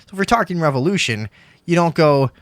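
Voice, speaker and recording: A man's voice: on the high side, animated, fast, no room sound. Young male talk host, casual and profane, emphatic rambling delivery, dry sound. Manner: rambling, emphatic, swears a lot.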